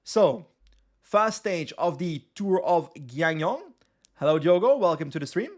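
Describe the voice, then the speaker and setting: A man's voice: a little high, animated, a little slow. Chatty Flemish man streaming a game. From West Flanders, Belgium. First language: Dutch (West Flemish). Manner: chatty, reads chat aloud and answers. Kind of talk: live gameplay commentary.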